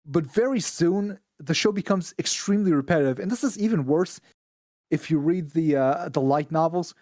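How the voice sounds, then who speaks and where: A man's voice: on the high side, moderate pace, a little mellow, no room sound, studio quality. A man from Israel, a podcast guest, ranting bluntly and with plenty of swearing in casual chat.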